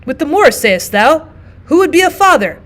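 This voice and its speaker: A woman's voice: high-pitched, very animated, normal speed, pitched above the performer's own voice. A woman reading as an anguished old nobleman father. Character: grieving older nobleman father, bitter and distraught.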